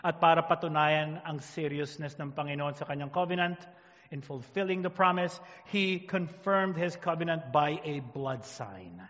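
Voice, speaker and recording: A man with a Filipino accent preaching a sermon as pastor, emphatic and dropping to a quiet trail at the ends of phrases. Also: fairly high pitch, moderate pace, big-room sound, highs cut off.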